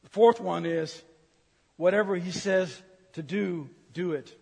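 A man's voice: high voice, a little slow, gravelly, a little mellow, husky. A man preaching a humorous sermon, teasing the congregation and acting out grumbling complaints. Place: church sanctuary. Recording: reverberant church hall.

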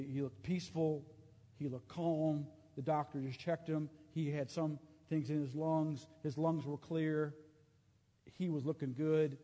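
Earnest storytelling preacher in a hall. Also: male voice, fairly high pitch, a little mellow. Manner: earnest storytelling with many restarts. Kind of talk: sermon testimony.

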